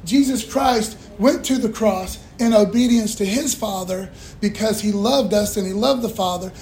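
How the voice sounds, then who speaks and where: A man's voice: sits high, moderate pace, a little mellow. A male pastor preaching a sermon in a folksy call-and-response style, with casual asides to the congregation. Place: church. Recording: echoey room, faint room noise.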